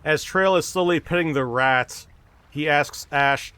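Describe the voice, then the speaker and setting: A man narrating as dungeon master of a tabletop game, steady storytelling with small restarts. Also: a little high, measured pace, clear, resonant tone, no echo.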